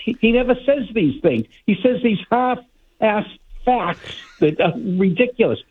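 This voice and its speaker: A man's voice: high-pitched, expressive, unhurried. A man calling in to a sports radio show, ranting with indignant sarcasm. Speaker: caller. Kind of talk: heated call-in rant. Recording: tinny phone line.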